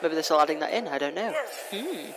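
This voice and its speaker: A young man narrates his game run in a high, light voice, rambling fast and teasing the enemy. The recording carries a steady hiss of background noise. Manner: fast-talking, rambling, playfully taunting. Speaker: gameplay commentator. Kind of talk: casual let's play commentary. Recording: noisy home recording.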